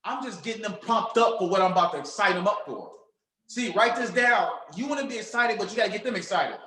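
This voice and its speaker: A man running a loud, hyped sales training seminar for his team, preaching and acting out phone calls. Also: very high voice, animated, fairly quick, roomy sound, low-quality recording. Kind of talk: hyped motivational seminar talk.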